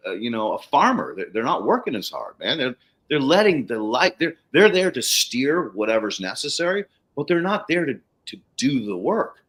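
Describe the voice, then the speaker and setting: A man at a middle pitch, co-hosting a relaxed livestream chat. He talks in a candid, rambling way, restarts his thoughts often and swears casually. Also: normal speed. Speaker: podcast co-host.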